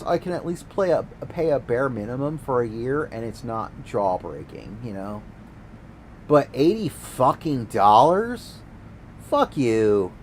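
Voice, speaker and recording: A gaming streamer with a mid-range voice rants casually and sarcastically while he plays, swearing plenty. The audio quality is poor and there's slight background noise.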